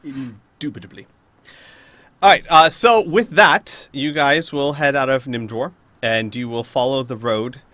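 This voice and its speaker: Bright-voiced man running a tabletop game. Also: mid-range voice, unhurried, no echo. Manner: casual, hesitant with many fillers. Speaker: game master.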